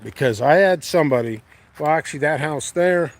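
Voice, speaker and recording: With light wind and outdoor sounds in the background, this channel host and pepper grower speaks in a slightly high, animated voice at a fairly quick pace. He rambles easily and thinks aloud during a casual walking vlog in his windy backyard.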